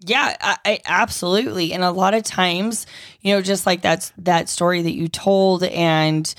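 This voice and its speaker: A woman co-hosting a podcast, talking in a chatty, animated way with quick asides. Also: lowish voice, no echo, clean studio sound. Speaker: podcast co-host. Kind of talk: casual podcast conversation.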